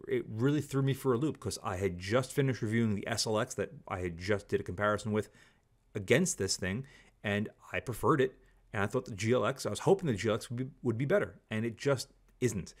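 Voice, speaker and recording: A man giving a candid, opinionated product review, talking casually and repeating stock phrases. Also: medium pitch. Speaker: scope reviewer.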